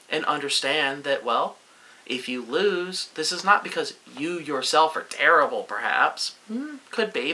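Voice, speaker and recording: Bright-voiced sarcastic young-sounding man. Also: fairly high pitch, low-quality recording. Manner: sarcastic, gloating. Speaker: vlogger. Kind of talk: casual advice monologue.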